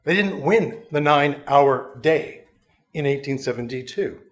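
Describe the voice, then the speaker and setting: A man's voice: on the high side, unhurried. A middle-aged man giving a conversational history lecture to a union audience, with wry, self-mocking asides. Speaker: history professor, guest lecturer.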